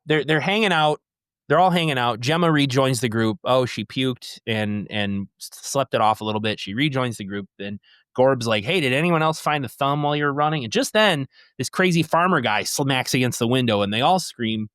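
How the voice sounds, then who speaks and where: A man's voice: mid-range voice, moderate pace, a bit bright, dry recording, clean studio sound. A man co-hosting a podcast, casually retelling a film's plot in a rambling way and acting out quotes. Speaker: podcast co-host. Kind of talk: casual movie recap chat.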